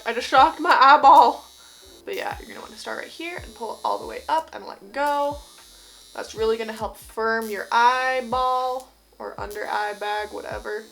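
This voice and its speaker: A young woman from Utah, with a slight local accent, walks through her at-home skincare routine indoors in a bubbly, rambling style. As a beauty vlogger giving a casual tutorial, her voice is a little high and fairly bright.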